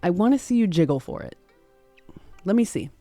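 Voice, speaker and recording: A woman's voice: fairly low pitch, big pitch swings, fairly quick, dark tone, no echo, faint music behind. A woman streaming a cozy game live, gushing thanks to her viewers and laughing often.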